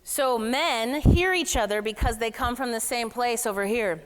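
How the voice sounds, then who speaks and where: Energetic woman speaker in a reverberant hall. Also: on the high side, moderate pace. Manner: lively, demonstrates voices, casual and playful. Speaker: speaker at a summit. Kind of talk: energetic motivational workshop talk.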